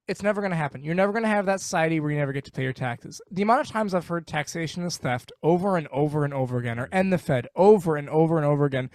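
A man's voice: a little high, no echo, studio quality. A man speaking as a guest on a podcast, ranting bluntly and with animation in casual conversation.

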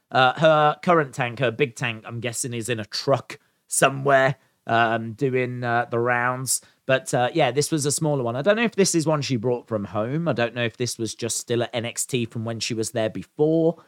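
A man's voice: mid-range voice, dry recording. Chatty man recapping, dry sound. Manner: chatty, with frequent "uh" and "um"; enthusiastic about the show. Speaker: wrestling show reviewer. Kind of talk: casual spoken recap.

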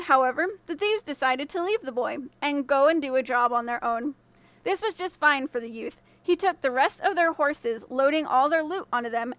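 A woman's voice: high voice, fairly bright tone, dry recording. A woman narrating a fairy tale from a script, with playful joking asides. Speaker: storyteller.

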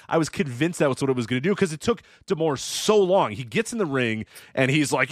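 A man's voice: a little high, animated, brisk, no room sound, studio quality. A man hosting a podcast, talking in a laid-back, rambling way and laughing along with his guest. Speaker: podcast host. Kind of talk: casual podcast chat.

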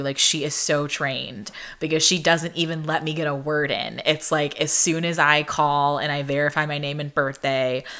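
Low-pitched bright-voiced woman vlogger. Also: clear, resonant tone. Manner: chatty, frequent "like", animated retelling. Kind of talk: casual storytime monologue.

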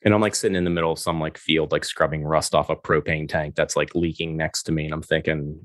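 A middle-aged man telling a story in a casual, animated way, acting out the dialogue and laughing often. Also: a bass voice, fast talker, few pauses, no room sound, studio quality. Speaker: guest.

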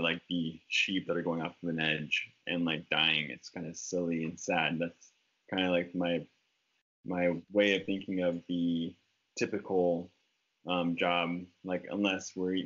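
A man's voice: sits low, fairly bright tone. A man co-hosting a podcast, rambling in casual chat with lots of "like". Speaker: podcast co-host, musician. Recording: dull lo-fi sound.

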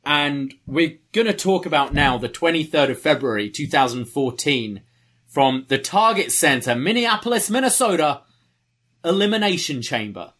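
A man's voice: a little high, expressive, normal speed, fairly bright tone. A man co-hosting a podcast, chatting casually and recounting wrestling history. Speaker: podcast co-host. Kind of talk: casual chat.

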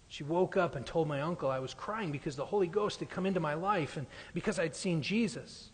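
A man preaching a sermon, reading a story aloud with earnest storytelling that drops to a hush in the sad passages. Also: fairly high pitch. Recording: long hall reverb.

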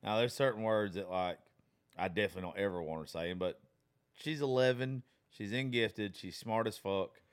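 A man's voice: on the low side, moderate pace, clean tone. A man in his thirties in a casual chat, rambling with lots of fillers and swearing about his daughter.

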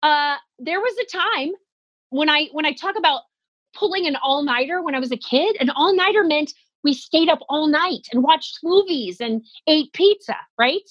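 A woman in her forties telling comic stories about aging, animated and self-deprecating, acting out little quotes. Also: high-pitched, normal speed, no echo, highs cut off. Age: 40s. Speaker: comedian guest. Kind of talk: comedic storytelling in conversation.

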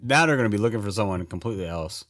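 Animated low-voiced man reacting to a movie. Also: very fast. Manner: talks back to the screen, laughs often, swears. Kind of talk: casual reaction commentary.

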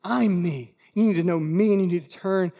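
A preacher voicing an earnest, pleading Jesus. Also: male voice, high voice, normal speed, dark tone. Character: loving Jesus, firm adult man calling for repentance.

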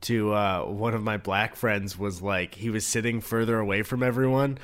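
A man's voice: fairly low pitch, fairly even intonation, normal speed. A man co-hosting a casual podcast, cracking dry jokes and laughing often. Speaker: podcast co-host.

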